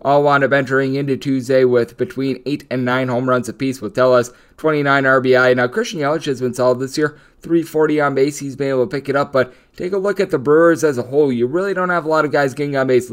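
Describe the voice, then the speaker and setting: A man hosts a solo betting show, working through every game on the board one by one. His voice is smooth and resonant, sitting at a middle pitch. He rattles off odds, totals and player numbers in a steady stream of analysis. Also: quick pace, few pauses. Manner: steady stat-packed rundown of odds and players. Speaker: sports betting podcast host.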